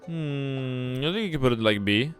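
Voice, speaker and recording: A man's voice: medium pitch, lively intonation, moderate pace, clear, resonant tone. A young man streaming casual commentary, blunt and jokey, swearing freely as he thinks aloud. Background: faint background music.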